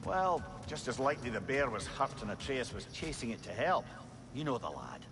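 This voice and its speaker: A man's voice: mid-range voice, big pitch swings, normal speed, close to an everyday voice. An actor voicing a dry-witted male companion who makes wry remarks in a video game.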